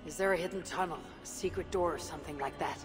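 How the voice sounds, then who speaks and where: Lady doing a low-voiced viking warrior woman, calm n blunt, game scene with music under it. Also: fast, natural voice. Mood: firm. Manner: steady, blunt, commanding. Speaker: game protagonist. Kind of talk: video game dialogue.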